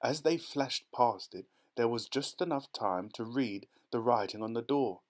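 A man narrating a children's storybook audiobook in a steady, expressive reading voice. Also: medium pitch, measured pace.

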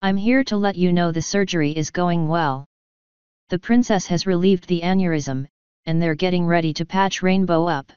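A polite nurse giving updates in a businesslike way, read by a woman. The voice is low and very smooth. The recording is dry and muffled. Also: normal speed, darkish tone, no echo, close to an everyday voice. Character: polite professional female hospital nurse.

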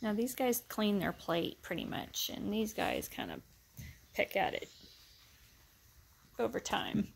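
A woman dog breeder filming her puppies, chatting casually to viewers and praising the pups in a high sing-song voice. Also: takes it slowly, vocal fry, long pauses, slight background noise. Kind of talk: casual vlog narration while filming puppies.

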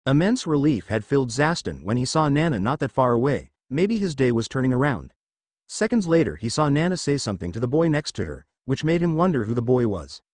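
A man narrating a fan fiction story in an expressive reading style. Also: medium pitch, a little fast, no room sound.

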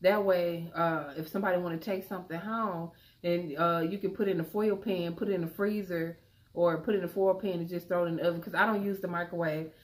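A woman's voice: lowish voice, steady tone, fast. A young woman chatting casually to viewers about her grocery haul, calling them y'all. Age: young adult. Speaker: vlogger.

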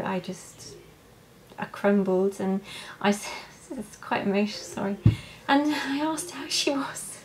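A young woman telling her birth story in a vlog, halting and emotional, with many fillers and restarts. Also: mid-range voice, noisy background. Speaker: vlogger. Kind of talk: personal birth story, casual.

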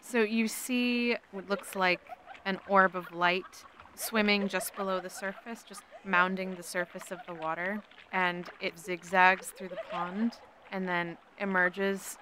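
A woman describes the scene as game master in a plain, steady way. Her voice is bright, with a faint noise behind it. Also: medium pitch, measured pace, hardly any pauses. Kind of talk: narrating a tabletop game.

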